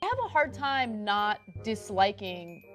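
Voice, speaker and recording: A woman's voice: mid-range voice, sing-song, measured pace, a bit bright, soft background music. A woman co-hosting a political show, ranting emphatically and swearing. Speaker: co-host. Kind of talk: political commentary rant.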